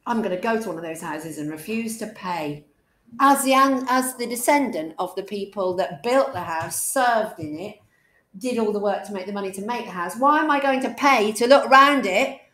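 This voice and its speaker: A woman's voice: medium pitch, animated, moderate pace, a bit bright. A woman English teacher giving a classroom lesson, chatty and jokey, quizzing her students as she goes.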